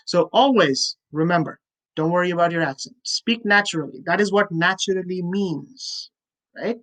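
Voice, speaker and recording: A woman tutoring students for a speaking test in an online webinar, giving direct advice and ending nearly every point with a checking "okay?". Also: fairly low pitch. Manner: direct, coaching tone with frequent "you know" fillers.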